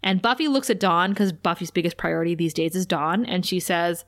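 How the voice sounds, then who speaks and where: A woman co-hosting a casual podcast, briskly retelling a TV episode scene by scene, quoting the characters and laughing often. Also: lowish voice. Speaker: podcast co-host recapping a TV episode. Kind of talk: casual chat, animated episode recap.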